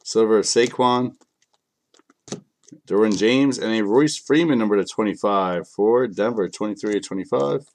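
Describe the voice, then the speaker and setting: A man's voice: on the low side, normal speed, a little mellow. A man with kids, a bit sick, hosting a live card break in a casual, joking way and talking to viewers by name. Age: adult, has kids. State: a bit sick, clearing throat.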